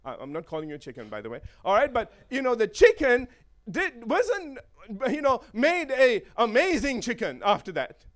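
A man preaching a sermon in an animated way, with joking asides and chuckles. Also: extremely high pitch, normal speed.

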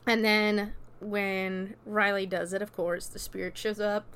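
A woman's voice: medium pitch, little pitch movement, measured pace, a bit bright, clean tone. A woman casually recapping a movie plot in a chatty, loose way, full of "like" and "you know" and freely dropping swear words. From America. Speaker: movie reviewer.

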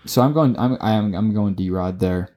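Excitable, foul-mouthed male podcaster. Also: fairly low pitch, a little slow. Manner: profane, excitable, trips over words. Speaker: podcast co-host. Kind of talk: casual sports podcast chat.

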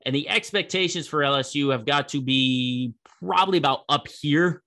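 Young guy riffing on college football news, casual and rambly, bright tense tone. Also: a little high, moderate pace. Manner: chatty, rambling, laughs at the story. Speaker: sports show host. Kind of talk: casual sports commentary.

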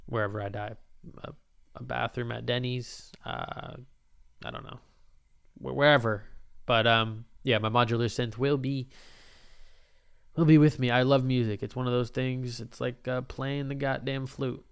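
Laid-back gravelly man rambling on a podcast. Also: mid-range voice, steady tone, normal speed. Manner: rambling, profane and laid-back, often laughing. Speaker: podcast host. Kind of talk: casual solo podcast monologue. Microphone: podcast microphone.

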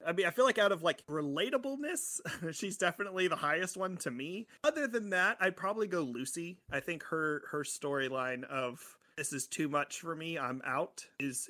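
A man's voice: a little high, pushed and bright. A man co-hosting a casual podcast chat, easygoing and joking. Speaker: podcast co-host.

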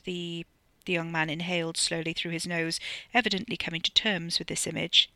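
An author narrating their own novella with crisp, wry storytelling. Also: medium pitch, flat delivery, fairly quick, bright, forceful tone, no echo. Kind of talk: audiobook narration.

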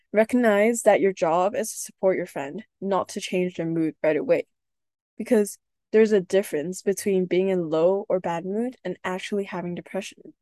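A young woman hosting a podcast, talking earnestly about her own experience in a soft voice with hesitant restarts. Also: lowish voice, no echo. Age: young adult. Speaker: podcast host. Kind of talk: personal reflective podcast talk.

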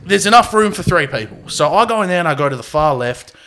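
A man's voice: fairly high pitch, lively intonation, quick pace, noisy background. A man hosting a podcast, telling a rambling story and laughing through his own anecdotes. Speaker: podcast host. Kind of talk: casual chat.

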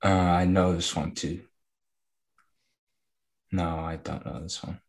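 A young man co-hosting a casual podcast, chiming in with quick wisecracks. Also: low voice, level tone. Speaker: podcast co-host. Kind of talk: casual chat.

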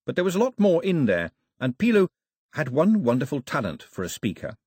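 A male audiobook narrator with a husky, slightly raspy voice that moves widely in pitch as he tells the story. His reading is expressive with a dry wit, recorded close and dead dry. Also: brisk, dry recording. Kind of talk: scripted narration. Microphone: close studio mic.

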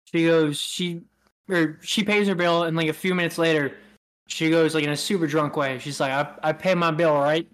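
A man's voice: fairly high pitch, fairly even intonation, normal speed, a bit bright. A man co-hosting a podcast, telling a rambling anecdote in casual chat, laughing often and acting out what people said. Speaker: podcast co-host.

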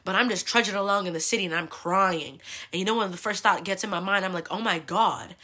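A woman in her twenties hosting a podcast, telling a personal story in a casual, animated way, swearing freely and leaning on "like" a lot. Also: fast talker. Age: 20s. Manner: acts out quoted people with big pitch jumps. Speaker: podcast host.

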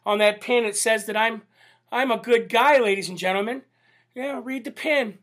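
A man hosting a political commentary livestream, animated, indignant and sarcastic, often calling out to "ladies and gentlemen". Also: high-pitched, fairly quick. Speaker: host.

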